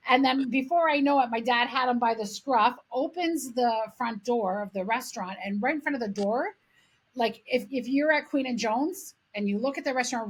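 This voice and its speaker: Middle-aged woman podcast co-host from Canada, husky, a bit high, animated and foul-mouthed. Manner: animated, swears freely. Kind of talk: casual storytelling chat.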